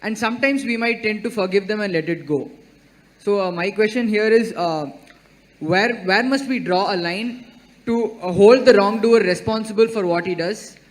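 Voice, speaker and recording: A man with a fairly high voice asks a question at a public talk. He speaks haltingly, stumbling over words and filling pauses. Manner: hesitant, halting, with filler sounds. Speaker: audience questioner.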